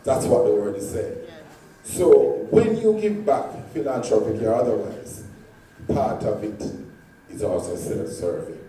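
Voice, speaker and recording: A man telling stories in a convention speech, swinging dramatically between loud and hushed. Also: fairly low pitch, animated, a little slow. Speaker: convention speaker. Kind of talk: storytelling speech. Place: large convention hall. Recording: echoey hall from far off, faint noise.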